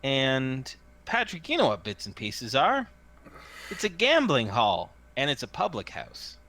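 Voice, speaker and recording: A man running a tabletop game as game master. His voice is bright and lively, with a lot of up and down. He talks in a chatty way and often restarts his sentences. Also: mid-range voice, a little slow. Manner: chatty, many fillers and restarts.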